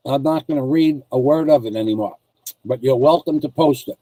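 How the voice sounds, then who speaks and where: A man's voice: mid-range voice, a little fast, warm tone, no echo, poor audio. A man telling a rambling story and chatting with viewers on a casual livestream, full of restarts and asides. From United States. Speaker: vlogger.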